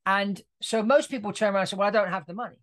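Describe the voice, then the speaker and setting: A forties-aged podcast host raised in Italy chats through a casual interview, a talkative storyteller who laughs a lot. His voice sits high and a bit bright, and he talks in a rapid-fire rush.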